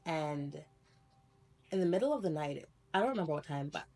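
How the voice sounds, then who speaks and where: A young woman with a somewhat low voice tells a personal story straight to her camera. She rambles and corrects herself as she goes, breaking into laughter between thoughts. She keeps it loose and animated throughout. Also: a little fast, faint music behind. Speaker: spiritual vlogger.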